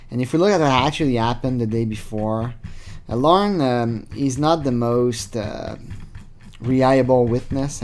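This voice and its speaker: A man's voice: mid-range voice, a little mellow. A man hosting his channel, giving rambling, sarcastic casual commentary full of fillers. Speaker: channel host. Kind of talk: casual commentary reading chat logs.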